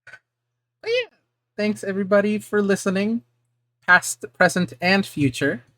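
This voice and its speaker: A woman in a casual role-play chat, calm and matter-of-fact with a gently teasing manner. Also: mid-range voice, moderate pace, no room sound. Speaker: player and co-host.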